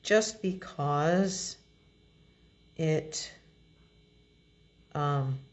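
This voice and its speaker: A woman demonstrating card making, explaining each step in a relaxed, chatty way as she works. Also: deep voice, drawn-out words, lo-fi sound. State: has the hiccups. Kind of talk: crafting tutorial.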